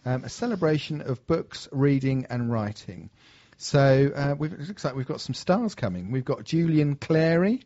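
A man's voice: mid-range voice, expressive, normal speed, warm tone, muffled recording. A man co-hosting a radio show, chatting casually about local events with filler words. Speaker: radio co-host.

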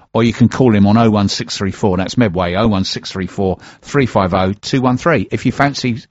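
A man's voice: fairly low pitch, darkish tone, no room sound, highs cut off. A man hosting a radio show in a casual, jokey, teasing way.

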